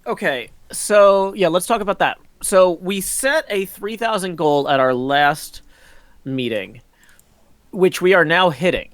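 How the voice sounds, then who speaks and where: A middle-aged man with a high-pitched, fairly bright voice hosts a community meeting over a voice call at a measured pace. His casual chat rambles, peppered with ums and laughter. The computer mic picks up no room sound.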